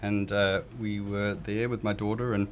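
Kiwi-accented man, lowish voice, measured and steady, faint noise behind. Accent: New Zealand. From New Zealand. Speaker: event organizer guest. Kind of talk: casual interview chat.

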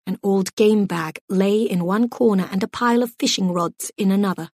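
A woman narrating an audiobook in a measured, gently expressive storytelling voice. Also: medium pitch, no room sound, clean studio sound.

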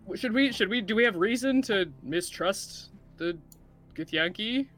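Giggly game player, lively voice. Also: mid-range voice, faint music behind. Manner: giggly, quick to laugh. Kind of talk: tabletop game chat.

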